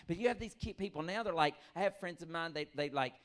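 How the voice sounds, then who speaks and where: Middle-aged male stand-up comic, lively storyteller who acts out characters. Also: a little high, fast. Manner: animated storytelling, acts out voices, laughs often. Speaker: stand-up comedian. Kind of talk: stand-up comedy set.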